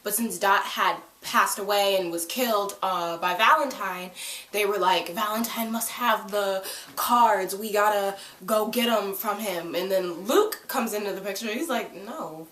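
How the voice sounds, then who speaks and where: A woman's voice: medium pitch, a little slow, fairly bright tone. Young woman, casual TV recap, giggly and chatty, roomy echo, a bit off-mic. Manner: chatty, giggly, acts out characters' lines. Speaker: TV episode reviewer. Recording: echoey room, distant from the mic.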